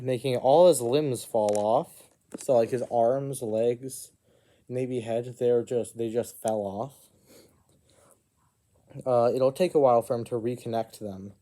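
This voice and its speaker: Man storyteller, mellow tone, improvised fantasy tale, rambling asides. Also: mid-range voice. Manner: rambling, with frequent asides and self-corrections.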